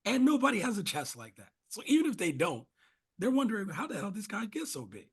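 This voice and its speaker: A man co-hosting a podcast, relaxed in casual chat and laughing easily. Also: high voice, fast talker, breathy edge. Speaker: podcast co-host.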